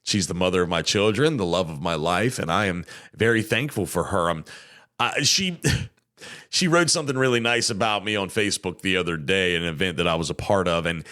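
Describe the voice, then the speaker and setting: A man's voice: low-pitched, fairly quick. A man, hosting a podcast in casual, chatty talk full of fillers. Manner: chatty and animated, many fillers. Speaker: podcast host.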